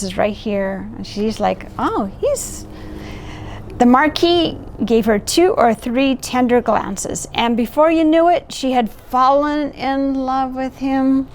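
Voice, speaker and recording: Slow, gentle woman reading a picture book. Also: high voice, slight background noise. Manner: warm asides, pointing out pictures. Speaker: volunteer storyteller.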